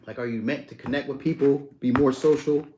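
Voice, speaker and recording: A young adult man talks loosely and easily on a live stream, picking up viewers' comments as they come in. His delivery is relaxed and slangy, with a friendly back-and-forth feel. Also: mid-range voice, a little fast, slight background noise. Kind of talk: casual live chat reading comments.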